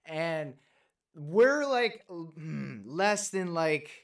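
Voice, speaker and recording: A young man co-hosting a podcast, cutting in to tell his side of a story in profane, animated casual chat. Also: fairly high pitch, extremely slow. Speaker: podcast co-host.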